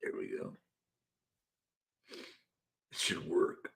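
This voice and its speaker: A man's voice: drawn-out words, fairly bright tone. A man hosting a casual live-stream panel show, laid-back and chuckling as he coaxes guests to join. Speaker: livestream show host.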